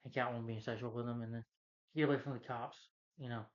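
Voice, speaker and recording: A man rambles through a casual movie recap, stacking fillers and restarting his sentences as he goes. His voice sits at an ordinary middle pitch. The recording sounds dull and lo-fi. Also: steady tone, fast talker. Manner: rambling, filler-heavy retelling with many restarts. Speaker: film reviewer.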